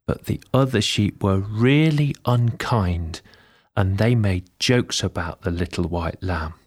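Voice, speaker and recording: Slow, breathy man telling a bedtime story. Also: lowish voice. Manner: gentle, drawn-out, with soft whispered asides.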